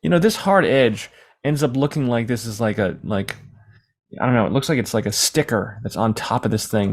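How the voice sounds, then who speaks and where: A man teaching a screen-recorded software lesson in a casual, rambling way, sometimes acting out questions from imagined viewers. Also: mid-range voice. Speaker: software tutorial instructor.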